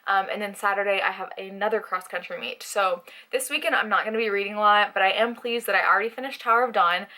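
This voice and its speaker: A woman's voice: mid-range voice, quick pace, bright, forceful tone. A young woman chatting casually to camera in a reading vlog, talking through her books with frequent "like" and "um". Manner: chatty, many "like" and "um" fillers. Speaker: book vlogger.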